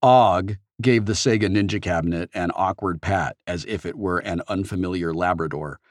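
A man narrating an audiobook in the first person with expressive storytelling. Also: sits low, a little fast, dry recording, clean studio sound.

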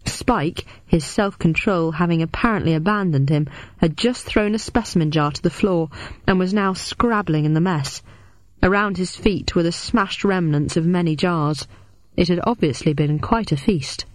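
A woman reading a first-person story aloud as an audiobook, with steady, even storytelling. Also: on the low side, moderate pace, no echo. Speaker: audiobook narrator.

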